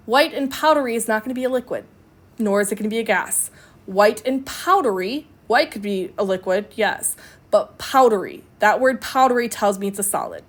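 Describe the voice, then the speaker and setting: A woman's voice: on the high side, a bit bright. A woman chemistry instructor giving a recorded lecture, explaining step by step in a conversational way with fillers and self-corrections.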